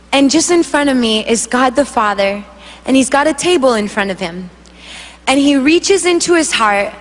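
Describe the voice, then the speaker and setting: A woman worship singer giving an emotional spoken testimony, telling it in an animated way and acting out the voices. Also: sits high. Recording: long hall reverb.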